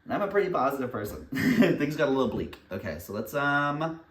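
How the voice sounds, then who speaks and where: A man's voice: medium pitch, big pitch swings, quick pace. Candid young man chatting in an echoey kitchen. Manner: candid, rambling, laughs often, swears casually. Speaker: vlogger. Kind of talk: casual confessional chat while baking. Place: home kitchen, indoors. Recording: echoey room, distant mic.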